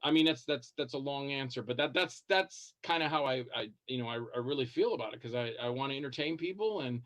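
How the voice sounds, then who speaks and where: A man's voice: mid-range voice, quick pace, fairly bright tone. A man calling in as a guest, telling rambling stories and acting out other people's lines, often stumbling over repeated words. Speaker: guest B-movie actor calling in. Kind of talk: casual storytelling on a call-in show.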